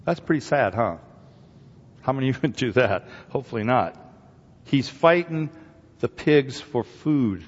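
A man preaching a sermon, retelling a parable with lively storytelling and acting out the figures' voices with rising excitement. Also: medium pitch, unhurried, long pauses, big-room sound, lo-fi sound.

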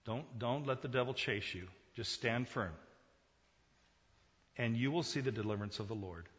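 A man's voice: mid-range voice, moderate pace, dull audio. Man preaching in an echoing hall. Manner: swings from quiet to loud, emphatic preaching. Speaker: pastor. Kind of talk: sermon.

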